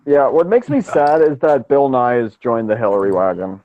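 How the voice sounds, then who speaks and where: A man's voice: mid-range voice, animated, normal speed, no echo, phone-quality sound. A man mocking and laughing in a casual online stream chat.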